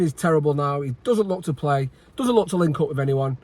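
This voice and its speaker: Animated and brisk, this man's high, darkish voice carries an agitated post-match rant for his football fan channel. He swears, sighs and repeats himself in frustration.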